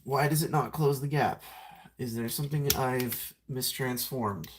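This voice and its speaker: A man's voice: mid-range voice, a little slow, background noise. A young man chatting casually on a live stream while transforming a toy figure, rambling, self-mocking and greeting viewers by name.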